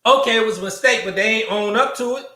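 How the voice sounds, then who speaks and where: A man's voice: high-pitched, quick pace, sharp tone. Fiery, profane man preaching in an echoey room. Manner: preachy, profane, rhetorical questions and repetition. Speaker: show host. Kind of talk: fiery monologue commentary.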